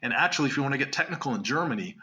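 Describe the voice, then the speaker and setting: A man from Canada, a guest magician telling stories in a casual interview with quick asides and laughter. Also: mid-range voice, lively intonation, pushed and bright.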